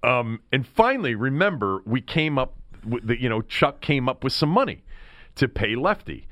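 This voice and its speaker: A man hosting a sports talk show, telling stories in an animated way. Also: medium pitch, normal speed, no echo, clean studio sound. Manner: animated storyteller. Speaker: sports radio host. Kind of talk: sports talk radio banter.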